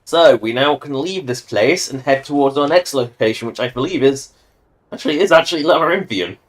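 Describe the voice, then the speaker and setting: A man's voice: a little high, animated, a little fast. A man giving casual, self-mocking commentary while livestreaming a video game, rambling through joking asides. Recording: voice over game audio and music.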